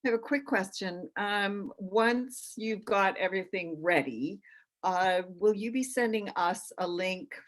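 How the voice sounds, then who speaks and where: Woman on a video call asking a question, quiet and unhurried, a bit hesitant. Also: mid-range voice. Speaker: meeting participant.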